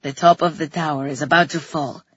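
A fierce young soldier shouts urgent orders in a lowered voice, as a woman puts him on in a storybook reading. The tone is breathy and a touch husky over a dull, lo-fi recording. He sounds protective and commanding. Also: steady tone, brisk, exaggerated voice.

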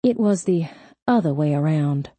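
A woman's voice: low voice, lively intonation, moderate pace, warm tone, slightly rough, no room sound. A woman reading an audiobook, voicing a middle-aged mother whose voice is soothing yet firm. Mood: confessing.

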